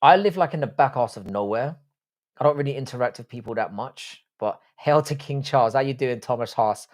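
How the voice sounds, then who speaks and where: A man's voice: mid-range voice, fairly quick. Sweary, rambling posh English man. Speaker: livestream host. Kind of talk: casual live-stream chat.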